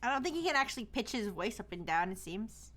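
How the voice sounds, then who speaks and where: A woman hosting a casual live stream, blunt and playful in her chat and quick to swear. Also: medium pitch, big pitch swings, fairly bright tone. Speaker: streamer host.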